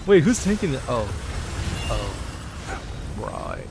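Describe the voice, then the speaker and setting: This dungeon-run streamer talks slowly in a creaky, medium-pitched voice with noise behind him. He keeps up casual, animated banter, joking with the game itself and with chat.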